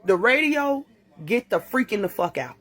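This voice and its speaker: A woman telling a dramatic story to her phone in a casual, profane and animated way. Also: a little high, normal speed, husky. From Chicago. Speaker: TikTok storyteller. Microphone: phone mic.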